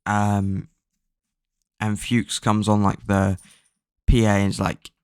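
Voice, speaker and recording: A man's voice: fairly low pitch, flat delivery, takes it slowly, clear, resonant tone, no echo, studio quality. A man casually recapping a book's plot, rambling with lots of fillers and offhand swearing. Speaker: book recap vlogger.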